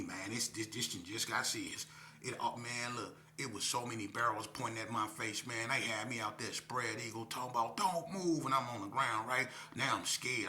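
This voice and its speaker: A middle-aged man from Las Vegas telling his own story in casual street talk, acting out other voices with sudden high shouts. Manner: animated, acts out quoted voices with sudden high-pitched shouts. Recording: echoey room.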